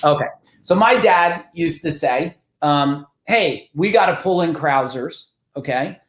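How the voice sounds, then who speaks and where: A middle-aged man from New Jersey with a New Jersey accent, a podcast guest telling business stories in a blunt, profane, animated way. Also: a little high, unhurried, echoey room. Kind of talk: casual podcast storytelling.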